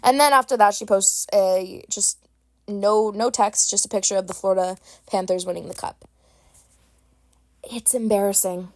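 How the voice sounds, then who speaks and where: A woman's voice: mid-range voice, steady tone, normal speed, a little mellow, no room sound. Young woman, podcast host, casual chat, rambling, blunt, dry close sound. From Boston area. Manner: chatty, rambling, with many "like"s and restarts; blunt and opinionated.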